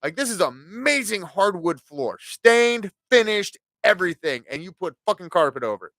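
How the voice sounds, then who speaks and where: A man's voice: high-pitched, sing-song, moderate pace, fairly bright tone, no echo. Swearing, ranting podcast host man. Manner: profane ranting storyteller. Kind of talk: casual podcast monologue.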